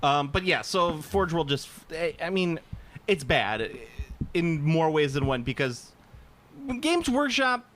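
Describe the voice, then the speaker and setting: A man's voice: on the high side, sing-song, takes it slowly, fairly bright tone, slight background noise. A man co-hosting a podcast, rambling in casual chat with a lot of swearing and laughter. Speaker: podcast co-host.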